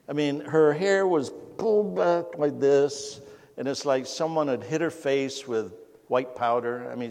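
A man's voice: fairly high pitch, a little mellow. A man preaching a conversational sermon as pastor, folksy and storytelling, often amused at his own anecdotes. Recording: long hall reverb.

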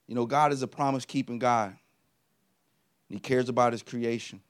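A middle-aged American man preaching a lively sermon, telling personal stories and swinging between loud punches and quiet asides. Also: mid-range voice, moderate pace, clean tone. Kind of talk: energetic sermon.

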